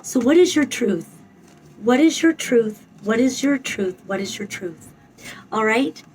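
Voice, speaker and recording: A woman's voice: fairly high pitch, expressive, a little slow, a little mellow, far from the mic, slight background noise, rough recording. A woman giving a spoken tarot reading, emphatic and blunt, swearing freely and repeating her phrases. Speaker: tarot reader.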